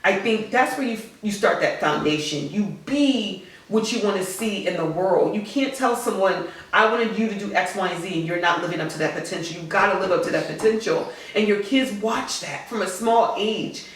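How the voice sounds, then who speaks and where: Woman, 40s, earnest, outspoken, casual podcast chat, mid pitch, very echoey room, mic set back. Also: normal speed, hardly any pauses, far from the mic. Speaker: guest, host's mother.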